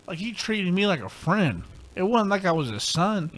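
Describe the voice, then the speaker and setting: A man's voice: high-pitched, sing-song, normal speed, fairly bright tone. A young man co-hosting a podcast, telling a rambling, profane story in casual chat. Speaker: podcast co-host.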